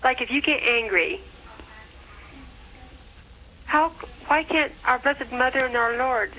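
A woman calling in to a show, asking her question haltingly with restarts. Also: high-pitched, sharp tone, slight background noise, low-quality recording. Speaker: caller. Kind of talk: call-in question.

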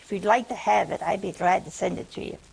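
A woman's voice: mid-range voice, fast, vocal fry, darkish tone, slightly rough, poor audio. A woman preaching a humorous teaching sermon, teasing and chatty as she talks straight to her listeners.

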